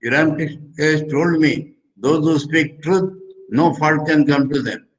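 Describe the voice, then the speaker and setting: A man with an Indian English accent, a monk quoting a humble, devout male saint in calm, plain statements within a discourse. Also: on the high side, unhurried, lightly acted, low-quality recording.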